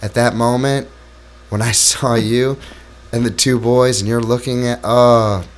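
A man's voice: medium pitch, steady tone, unhurried. A man hosting a podcast interview, asking questions and responding with emotion to his guest's story. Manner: warm, encouraging interviewer who gets emotional. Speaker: podcast host. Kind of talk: casual interview chat.

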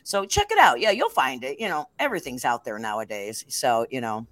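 A woman's voice: rumbling low, sing-song, a little fast, very noisy. A middle-aged woman from the Chicago area, co-hosting a casual chat show, talking in a chatty way and laughing often. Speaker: co-host.

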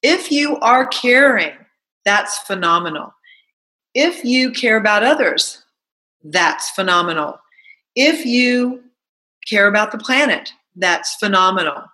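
Bright-voiced chatty woman. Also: mid-range voice, takes it slowly, poor audio. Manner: chatty, animated storytelling with rhetorical questions. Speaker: self-help talk host. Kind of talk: motivational monologue.

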